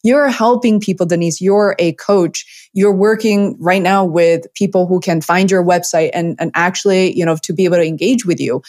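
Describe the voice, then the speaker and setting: A woman who learned English as a second language hosting an interview, speaking haltingly with restarts. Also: fairly low pitch, darkish tone. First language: not English. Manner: halting, many fillers and restarts. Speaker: interview host, documentary filmmaker. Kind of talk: interview host chat.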